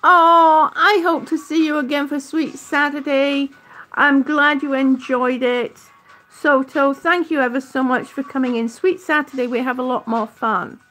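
Slow high-pitched middle-aged lady chatting to her stream, a bit out of breath, calls everyone honey. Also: sharp tone, faint music behind. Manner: chatty, affectionate, drawn-out vowels. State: a little out of breath. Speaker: vlogger on oxygen. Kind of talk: live-stream chat with viewers.

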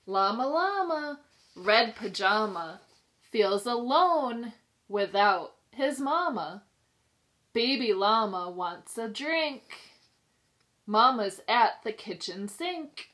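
A woman pre-K teacher reading a picture book aloud to young children, sing-song and expressive, pausing to ask them questions. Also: fairly high pitch. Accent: New York. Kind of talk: children's storybook read-aloud.

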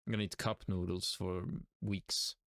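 A man's voice: low-pitched, flat delivery, normal speed, a bit bright, no room sound, clean studio sound. A young man from Sweden with a Swedish accent, streaming a game live and talking to himself and his chat in an exasperated, self-mocking way. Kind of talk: live gaming stream commentary.

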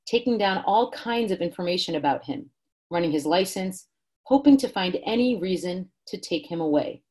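A woman reading a first-person prose excerpt aloud in a steady narrative way. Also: lowish voice, normal speed.

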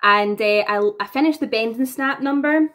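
A young woman in her twenties telling stories to her camera in a chatty, animated way, laughing between anecdotes. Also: on the high side, moderate pace. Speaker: vlogger. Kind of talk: casual storytelling to camera. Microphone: own camera.

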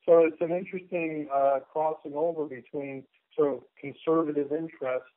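A man's voice: a little high, fairly even intonation, moderate pace, dry recording. A man talking as a guest in a casual radio chat, rambling and joking as he tells stories. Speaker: guest artist. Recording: tinny phone line.

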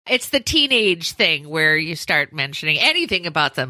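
Lively, bright-voiced middle-aged woman host. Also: low voice, moderate pace, no room sound. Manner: laughing, storytelling, lively. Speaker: podcast co-host. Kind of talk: casual chat.

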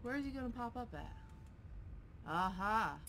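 A woman playing a horror game who curses, shouts and laughs at jumpscares and taunts the monster. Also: on the high side, animated, normal speed. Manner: taunts the game character mockingly. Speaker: gameplay streamer. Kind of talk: let's play commentary. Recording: faint game music behind.

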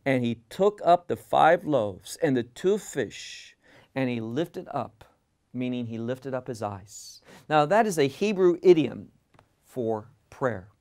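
A man explains scripture line by line in a slow, deliberate teaching voice. He leans on key words and repeats them to drive a point home. His pitch sits in an ordinary middle range. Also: lively intonation, a little mellow. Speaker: Bible teacher. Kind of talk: verse-by-verse Bible teaching.

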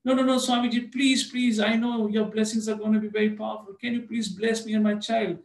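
A man's voice: high-pitched, little pitch movement, a little fast, voice pushed up. A man voicing a desperate man who keeps begging a holy man for blessings. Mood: pleading. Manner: begging, repeating please. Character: desperate pleading Indian man begging a swami. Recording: echoey room.

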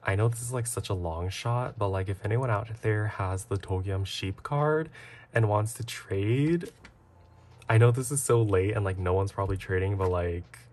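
A man narrating a casual unboxing vlog, excitable and gasping often. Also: on the low side, moderate pace. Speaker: vlogger.

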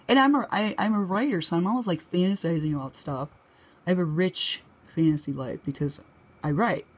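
A woman's voice: darkish tone, slightly rough. A middle-aged woman from New England telling rambling personal stories in a casual way, laughing often. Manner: chatty, laughs often, acts out quoted lines in a higher voice. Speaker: vlogger. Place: home.

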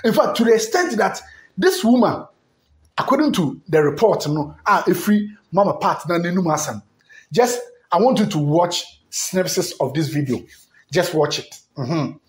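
A Ghanaian man hosting a gossip show, teasing and animated as he tells the story. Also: sits high, moderate pace, roomy sound. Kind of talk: casual gossip commentary.

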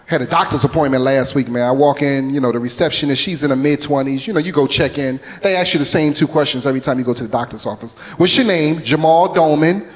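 A man in his forties from North Philadelphia doing a loose, animated stand-up set in a comedy club. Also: mid-range voice, fast talker, hardly any pauses. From North Philadelphia, USA. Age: 40s.

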